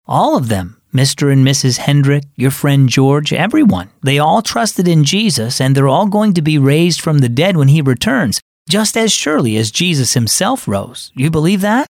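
A man voicing a gentle bulky uncle. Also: a little high, big pitch swings, moderate pace, few pauses, no echo, studio quality. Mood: consoling. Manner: earnest, consoling storytelling. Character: gentle bulky uncle comforting his nephew. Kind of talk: scripted children's radio drama.

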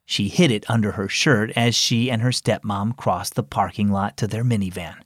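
A man hosting and narrating a children's devotional radio program, telling the story in a friendly, expressive studio voice. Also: fairly low pitch, normal speed, slightly rough, dry recording. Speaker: host and narrator.

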